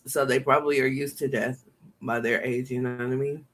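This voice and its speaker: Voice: mid-range voice, level tone, brisk, fairly bright tone. Laid-back co-host with slangy remarks. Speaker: co-host of a movie review show. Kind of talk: casual chat.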